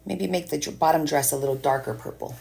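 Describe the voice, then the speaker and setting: A woman's voice: deep voice, quick pace, creaky, darkish tone. A woman chatting casually on a live stream as she paints, rambling and answering viewers' comments.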